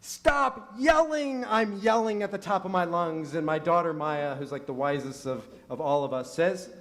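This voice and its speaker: A middle-aged rabbi preaches in the synagogue sanctuary at a moderate pace, his voice a little high and his intonation fairly even. He weaves in stories and rhetorical questions, with emphasis that rises.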